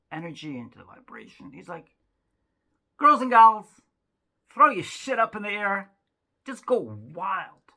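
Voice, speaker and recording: A woman's voice: sits low, vocal fry, fairly bright tone, husky. A woman doing rambling, self-mocking stand-up storytelling, chatty with frequent asides. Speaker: stand-up comedian.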